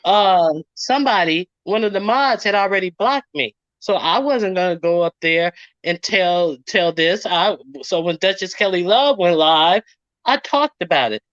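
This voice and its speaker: A woman's voice: fairly low pitch, lively intonation, unhurried, no room sound, lo-fi sound. A woman giving casual ranting commentary, indignantly retelling online arguments and acting out what others said. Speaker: commentary streamer.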